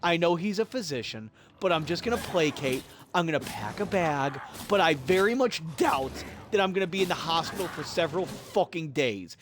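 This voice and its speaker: A man's voice: fairly high pitch, normal speed, hardly any pauses, background noise. A man telling a story casually on a live game stream, exasperated and profane, muttering to himself as he plays. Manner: profane, exasperated, animated retelling.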